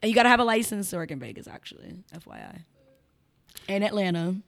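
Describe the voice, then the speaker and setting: A woman with a Chicago accent, a guest on a casual interview podcast, telling stories in an animated, emphatic way. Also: mid-range voice, fast, gravelly. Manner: animated, emphatic storyteller who slips into mimicked voices.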